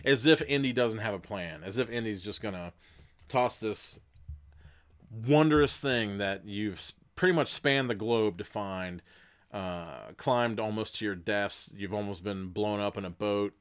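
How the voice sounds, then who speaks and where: A man hosts a livestream reading a gamebook aloud while chat votes on choices, rambling and laughing between passages. His lowish voice is smooth and unhurried.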